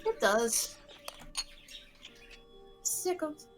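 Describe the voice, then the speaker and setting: A woman's voice: high-pitched, sing-song, drawn-out words. A woman player in a tabletop game, explaining hesitantly with many fillers. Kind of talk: casual tabletop chat. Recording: faint music behind.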